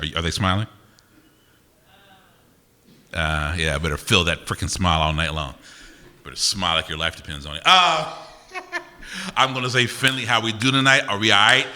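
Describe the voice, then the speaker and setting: Speaking from low in his range with a bright, forceful tone, this man does stand-up style crowd work at a university auditorium. His jokes and call-and-response exchanges with the crowd echo through the reverberant hall of the live show.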